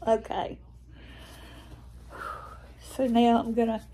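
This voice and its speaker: Slow, gentle older Southern woman. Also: a little high, flat delivery. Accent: Southern American. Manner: tender, chatty, homespun. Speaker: vlogger. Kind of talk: casual chat to camera.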